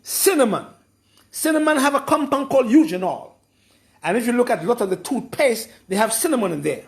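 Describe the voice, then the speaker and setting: A man giving an informal lecture, explaining slowly and repeating his points with emphasis. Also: extremely high pitch, very animated. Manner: slow, repetitive, emphatic explaining. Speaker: herbalist explaining a program.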